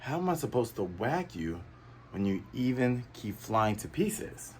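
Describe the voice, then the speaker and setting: A man voicing a hot-headed young pirate, quiet and frustrated. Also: lowish voice, very animated, measured pace, a little hiss or hum.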